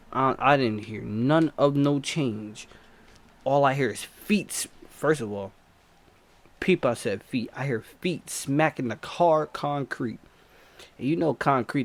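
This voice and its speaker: Man, casual vlogger storyteller; slangy, breathless, repetitive, mid-pitched. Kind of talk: animated personal storytelling.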